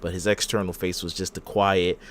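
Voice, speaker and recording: A man co-hosting a podcast, retelling wrestling segments as an animated storyteller who acts out the wrestlers' lines. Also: low voice, brisk, a little hiss or hum. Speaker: podcast co-host. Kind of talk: casual wrestling recap chat.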